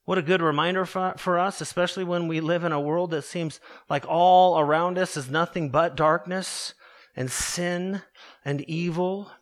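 A man preaching a sermon slowly and deliberately, stressing his points with emphatic repetition. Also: high voice, fairly even intonation. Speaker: pastor.

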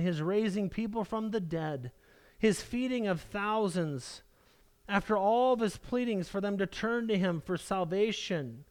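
High-voiced preaching man. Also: a little mellow. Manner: earnest preaching, pleading dramatic readings of scripture. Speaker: pastor. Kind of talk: sermon.

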